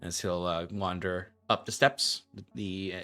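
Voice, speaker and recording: A man with a fairly low voice runs a tabletop game, describing the scene in a loose, rambling way full of small hesitations. Faint music plays underneath. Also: steady tone, measured pace, sharp tone. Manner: rambling, hesitant, laughs often. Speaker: game master.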